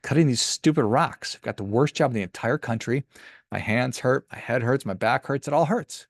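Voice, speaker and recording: A man's voice: mid-range voice, normal speed, gravelly, no echo, clean studio sound. A man voicing a grumpy, aching woman stonecutter. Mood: annoyed. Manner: irritated complaining.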